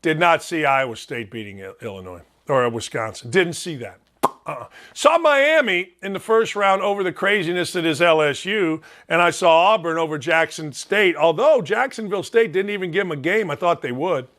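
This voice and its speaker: Chicago-accented male sports host, high voice, blunt and fired-up, rambling solo talk. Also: animated, normal speed, a bit bright. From Northwest Indiana.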